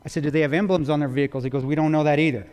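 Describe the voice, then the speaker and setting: A man's voice: a little high, fairly even intonation, rapid-fire, a little mellow, smooth. A man giving a public talk, retelling a story intensely with quoted dialogue. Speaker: guest speaker. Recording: long reverb of a large hall.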